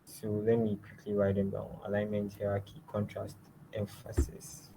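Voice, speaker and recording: Low-voiced man teaching a design lab. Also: monotone, normal speed, vocal fry, a little hiss or hum, low-quality recording. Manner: step-by-step instructions, often trailing off quietly. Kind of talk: screen-share software tutorial.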